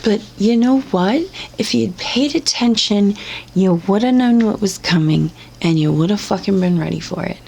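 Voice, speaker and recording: A woman's voice: medium pitch, normal speed, creaky, a little mellow, a little hiss or hum. A young woman ranting in blunt, sarcastic, profanity-filled commentary. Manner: sarcastic, blunt, swears constantly. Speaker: commentary vlogger.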